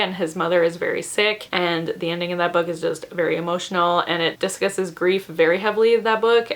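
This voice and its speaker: A woman's voice: mid-range voice, a bit bright. Young adult woman, casual book vlogger, effusive, giggly, filler-heavy delivery. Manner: gushing, chatty, laughs often, lots of fillers. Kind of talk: casual chat to camera.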